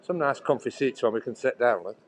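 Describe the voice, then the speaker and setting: A man's voice: medium pitch, animated, fairly quick, a little hiss or hum, low-quality recording. A man chatting casually on a walking vlog, rambling and restarting his sentences, filming on a handheld phone outdoors and then inside a coffee shop. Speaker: vlogger.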